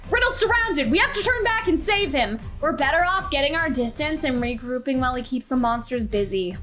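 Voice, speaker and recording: A woman's voice: high voice, bright, forceful tone. A young woman streaming a game, reading the dialogue aloud and breaking into gushing, laughing fan reactions. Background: faint game music.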